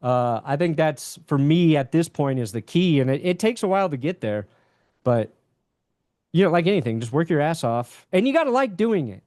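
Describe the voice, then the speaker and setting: A man's voice: on the high side, very animated, normal speed, darkish tone, no echo, clean studio sound. A young man chatting casually as a podcast guest, candid and rambling, with casual swearing. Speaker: podcast guest, sports YouTuber.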